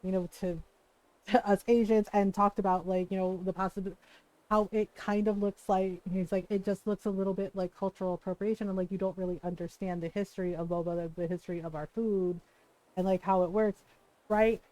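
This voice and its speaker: A woman streamer in casual chat, telling stories with lively energy and plenty of swearing. Her voice sits at an ordinary middle pitch. It is recorded dry and close, with no room sound. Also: a little fast, dry recording, low-quality recording. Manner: animated storytelling, swears freely, quotes people in voices. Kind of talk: casual chat while gaming.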